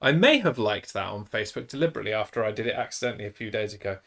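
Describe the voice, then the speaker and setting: A man's voice: on the low side, expressive, racing, gravelly, a bit bright. Crude joking man. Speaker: stream co-host. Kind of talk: casual chat.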